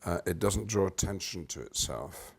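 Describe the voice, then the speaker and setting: An older man from Britain, an actor in an interview, explaining with animated swings between loud and soft and humming rhythms as he goes. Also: low voice, moderate pace, vocal fry.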